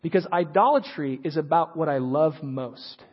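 A man's voice: on the high side, normal speed, husky. A man in his thirties giving an earnest, conversational sermon full of stories, often repeating words as he restarts. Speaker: preacher and high school teacher. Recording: dull lo-fi recording with long hall reverb.

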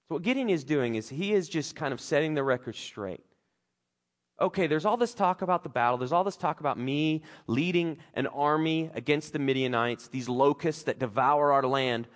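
Man preaching, slightly high voice, very lively pitch, acts out the characters. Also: moderate pace. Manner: animated, acts out characters' lines with big pitch swings. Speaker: pastor. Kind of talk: sermon.

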